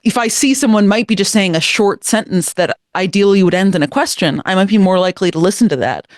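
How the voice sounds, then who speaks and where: A woman's voice: medium pitch, fast talker, no room sound. A young woman chats casually on a panel in a mid-range voice, peppering her speech with "like." The sound is dry and close. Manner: chatty, lots of "like". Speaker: podcast co-host.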